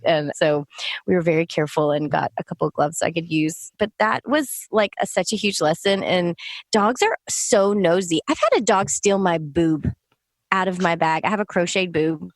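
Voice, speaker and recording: A woman co-hosting a podcast, telling animated stories with lots of laughter. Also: lowish voice, moderate pace, no echo. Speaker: podcast co-host, lactation consultant. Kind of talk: casual podcast chat.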